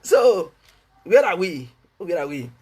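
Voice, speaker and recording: A man's voice: high voice, big pitch swings, slow pace, darkish tone, husky. A Nigerian man preaching as a pastor, fervent, repeating his phrases and laughing between lines. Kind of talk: preaching a sermon.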